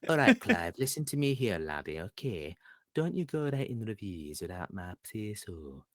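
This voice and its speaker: A man's voice: fairly low pitch, big pitch swings, normal speed, no echo, studio quality. A man putting on a regional British accent to play a bossy older man scolding a lad. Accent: regional British, put on.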